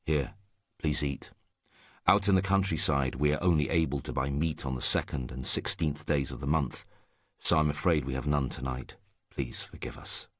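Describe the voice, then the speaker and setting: A friendly young man makes polite, eager conversation, as a man reads him in a storybook. The voice is extremely deep and dry, recorded close with no room sound. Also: moderate pace, no room sound. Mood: courteous. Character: short strong young northern man, friendly.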